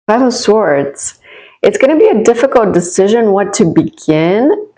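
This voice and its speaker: A woman with a medium-pitched, very animated voice gives a casual tarot reading at an unhurried pace, on a low-quality recording. Warm and encouraging, she speaks straight to the viewer to reassure them, rambling with frequent restarts and asides as she turns each card.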